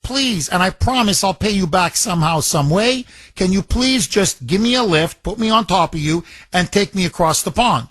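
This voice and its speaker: A man voicing a pleading, treacherous scorpion in a spoken fable, his voice climbing high as he begs. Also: lively intonation, moderate pace, fairly bright tone, no room sound. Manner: pleading, rising high when begging.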